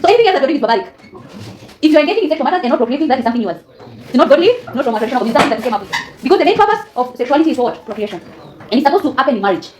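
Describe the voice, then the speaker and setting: A woman's voice: high-pitched, sing-song, very fast. A woman teaching a classroom lesson, often quizzing students with fill-in questions and laughing. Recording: echoey classroom with student chatter.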